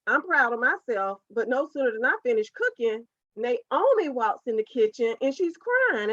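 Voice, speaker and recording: A woman's voice: on the high side, sing-song, moderate pace, fairly bright tone, no echo. Earnest woman, dull dry recording. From United States, South Carolina. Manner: earnest, heartfelt faith testimony. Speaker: podcast guest. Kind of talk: personal storytelling in an interview. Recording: dull, dry lo-fi podcast audio.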